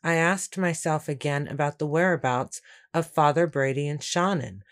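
A woman reading a first-person story aloud in a steady, measured way. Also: sits low. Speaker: audiobook narrator. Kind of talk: first-person scripted narration.

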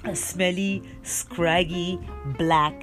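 A woman reading a children's storybook aloud in an animated, giggly, playful way. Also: fairly low pitch, very slow, soft background music. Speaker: reader.

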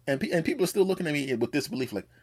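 A man's voice: a little high, animated, racing, slightly rough. A man hosting his own podcast, telling a personal story in a rambling, joking way, swearing freely and acting out what people said. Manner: rambling storytelling, acts out quotes, profane and joking. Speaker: podcast host. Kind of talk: casual monologue.

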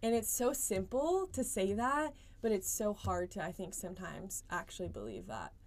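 A woman's voice: medium pitch, very animated, normal speed. Casual faith chat, young woman, earnest and filler-heavy. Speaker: podcast guest.

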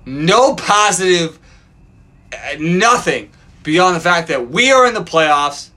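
A man hosting a podcast from his backyard, ranting profanely as a sports fan and swinging from loud outbursts to low mutters. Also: big pitch swings, takes it slowly. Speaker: podcast host. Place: home backyard.

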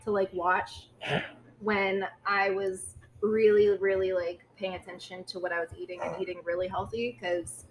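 A woman's voice: medium pitch, flat delivery, moderate pace, slight background noise, poor audio. A young woman co-hosting a casual podcast with her husband, laid-back and a little hesitant. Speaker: co-host, host's wife.

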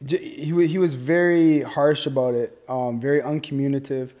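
A man's voice: medium pitch, fairly even intonation, normal speed, dark tone. A man in his thirties co-hosting a casual chat, jumping in with jokes and side comments. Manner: jokey, eager interjections. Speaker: podcast co-host.

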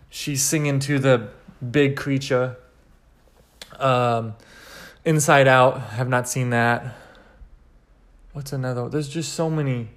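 A young man from Kansas hosting a solo podcast, rambling and sarcastic in an animated way. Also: a little high. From Kansas, United States. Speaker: podcast host.

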